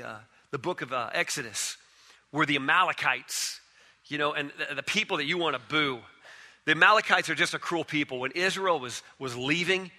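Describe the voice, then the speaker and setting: High, bright-voiced preacher man in a reverberant hall. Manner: conversational preaching, voice drops soft then swells in storytelling. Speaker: pastor. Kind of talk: sermon.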